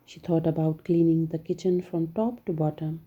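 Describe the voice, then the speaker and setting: A woman reading a children's picture book aloud with steady, careful storytelling. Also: deep voice, normal speed, husky, muffled recording. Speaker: storybook reader.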